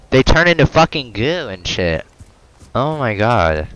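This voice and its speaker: A man's voice: fairly low pitch, sing-song, unhurried, a bit bright, a little hiss or hum, low-quality recording. A man commentating his horror game playthrough, swearing and joking at the screen, yelping when something jumps out. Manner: profane, jokey, reactive, yelps when startled. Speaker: gamer.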